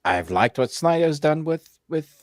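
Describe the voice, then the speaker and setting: A man's voice: a little high, expressive, measured pace, dry recording, clean studio sound. A man co-hosting a movie podcast, chatting casually and laughing often. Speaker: podcast co-host. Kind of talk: casual chat.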